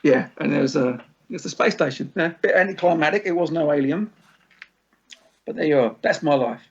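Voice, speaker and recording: Husky, gravelly man, laid-back. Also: on the high side, lively intonation, brisk. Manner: laid-back, swears freely, laughs often. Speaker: musician guest. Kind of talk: casual podcast chat. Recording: dull lo-fi recording.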